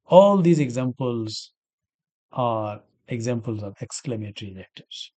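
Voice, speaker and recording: At a measured pace, a man with a warm, medium-pitched voice teaches English grammar animatedly, explaining examples step by step. He questions himself before giving the answers and keeps repeating key words.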